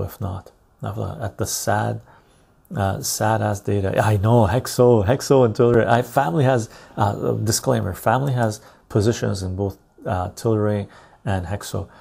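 A man's voice: lowish voice, creaky, dark tone, husky. A man hosting a live stream, thinking aloud in casual commentary as he pulls up stock charts, muttering and checking in with "right?".

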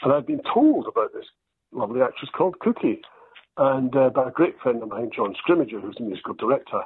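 An older Scottish man, an actor, telling self-deprecating stories in a relaxed interview. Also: medium pitch, fast, vocal fry, breathy edge, dry recording. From Scotland. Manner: storytelling, self-deprecating, quotes others in lively voices. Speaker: actor guest. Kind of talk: anecdotal interview chat. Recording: dry tinny phone-like line.

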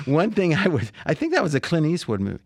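A man's voice: on the high side, very animated, moderate pace, breathy edge, no echo. Dry-voiced chatty male sports host. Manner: chatty, laughs often, restarts phrases. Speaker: sports betting podcast host. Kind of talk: casual sports chat.

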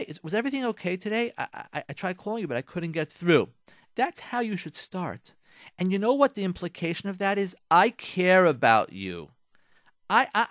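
A rabbi giving marriage advice on the radio, animated and acting out spouses in mock voices. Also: male voice, on the high side, no echo, clean studio sound. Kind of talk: radio talk, advice monologue.

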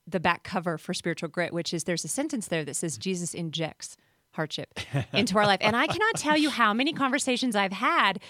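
A woman's voice: mid-range voice, fairly quick, sharp tone, no echo, studio quality. A woman co-hosting a faith podcast who shares thoughtful, conversational stories.

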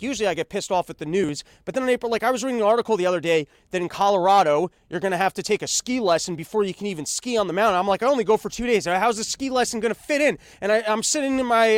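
A man's voice: sits high, dry recording, clean studio sound. A man hosting a podcast, ranting casually and sarcastically with lots of swearing and stammered restarts. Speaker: podcast host.

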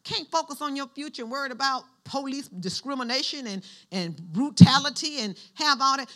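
A woman's voice: high voice, normal speed, sharp tone. A woman pastor preaching a sermon in church, using call-and-response and having the congregation finish her lines.

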